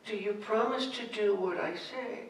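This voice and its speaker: Calm wise male master, played by a woman, unhurried, distant and roomy. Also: medium pitch, lightly acted. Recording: echoey hall from far off.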